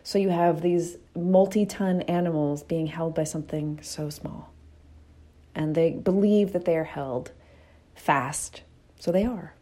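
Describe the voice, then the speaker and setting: A woman with a deep, mellow voice hosts a reflective motivational talk at a measured pace. She tells candid stories in a casual, storytelling way, with the odd swear word.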